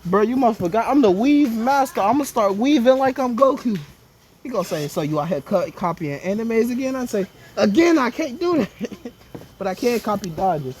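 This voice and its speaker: A man's voice: high voice, lively intonation, a little fast, darkish tone. Guy riffing a silly story, stammers n laughs, bit of hiss. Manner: rambling, joking, acts out dialogue with stammers. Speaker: storyteller improvising a scenario. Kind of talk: casual improvised storytelling.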